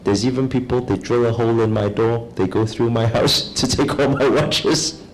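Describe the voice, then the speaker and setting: A man giving a calm, measured spiritual talk, speaking slowly and deliberately as a teacher. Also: medium pitch, soft background music, rough recording.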